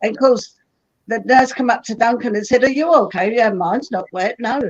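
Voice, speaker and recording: A woman's voice: fairly high pitch, normal speed. A woman, a guest on an interview show, chatting and telling stories about her husband. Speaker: guest, comedian's wife. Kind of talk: casual anecdote telling. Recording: dull lo-fi sound.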